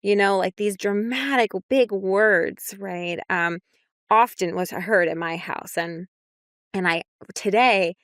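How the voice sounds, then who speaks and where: Young adult woman, clinician guest. Reflective, casual, smooth and clear, dry close mic. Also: medium pitch, takes it slowly, a bit bright, no room sound. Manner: reflective, many fillers like "right?" and "you know". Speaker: clinician on a parenting podcast. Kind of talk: casual podcast discussion.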